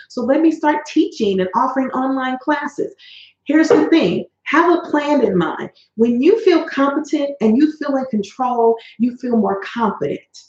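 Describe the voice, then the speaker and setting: A woman hosting a motivational coaching video, speaking emphatically and in a folksy way that addresses listeners as honey and baby. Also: high-pitched. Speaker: host and life coach. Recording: roomy, dull lo-fi sound.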